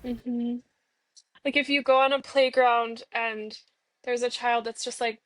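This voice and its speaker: Bubbly high-voiced young woman. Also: level tone, measured pace, a bit bright, no room sound. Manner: playful and bubbly, many filler "like"s. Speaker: guest speaking as an inner part of herself. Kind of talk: therapeutic parts-work role-play.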